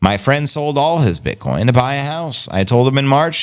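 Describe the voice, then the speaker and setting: A man's voice: medium pitch, sing-song, normal speed, few pauses, clean tone. A man hosting a casual livestream, reading viewer comments aloud in a laid-back, slangy way. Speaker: livestream host.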